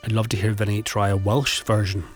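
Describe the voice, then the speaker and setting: A man's voice: lowish voice, flat delivery, fairly quick, faint music behind. A man presenting a radio show, reading out listener messages in a jokey, casual way.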